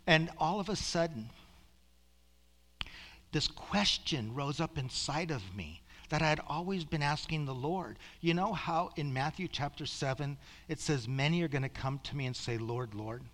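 A man giving an earnest testimony to a congregation as a preacher, often slowing into hushed near-whispers. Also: on the high side, animated, big-room sound.

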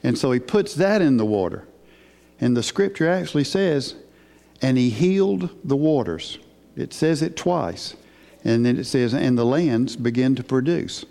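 A man preaching a sermon in an unhurried, emphatic way, asking his listeners questions. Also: medium pitch, animated, gravelly, dark tone. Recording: hall with long reverb.

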